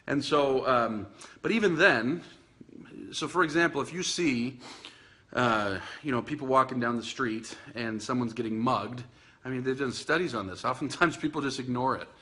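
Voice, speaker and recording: A man's voice: mid-range voice, bright, forceful tone. A man hosting a casual video podcast about dogs, talking in a chatty, self-teasing way with plenty of fillers and restarts, indoors by a Christmas tree. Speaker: podcast host and dog trainer.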